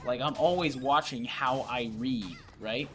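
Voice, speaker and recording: A man's voice: mid-range voice, measured pace, a bit bright. A young man hosting a let's play, chatting casually and rambling with lots of "like" and "uh". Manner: rambling, heavy use of "like" and "uh". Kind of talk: casual gaming commentary. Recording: game music behind.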